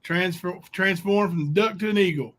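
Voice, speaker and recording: A male show host in relaxed, agreeable chat, filling his sentences with "you know" and "I mean." His voice runs a touch high for a man. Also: normal speed. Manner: easygoing, agreeable, lots of fillers. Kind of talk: casual interview chat.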